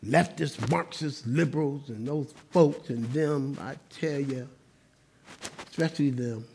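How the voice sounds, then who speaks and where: A man preaching a sermon in an animated, conversational style, mixing humor with quiet asides. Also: mid-range voice, a little slow, vocal fry, slight background noise. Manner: lively, swings between loud exclamations and quiet asides. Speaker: pastor.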